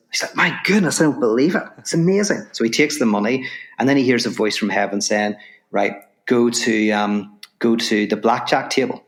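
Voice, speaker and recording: A man with a fairly low voice tells a parable on a podcast. He acts out the voices of the people in it, then explains abstract ideas in long, building phrases with frequent restarts. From Northern Ireland. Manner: lively storyteller, acts out voices in anecdotes. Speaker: podcast guest, philosopher.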